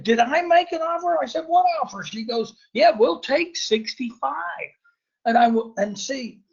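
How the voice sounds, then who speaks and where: A man's voice: high-pitched, gravelly, slightly rough. A man telling a personal investing story to an audience in a folksy way, often calling them folks. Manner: folksy, addresses listeners as folks. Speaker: real estate investor speaker. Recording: dull lo-fi recording.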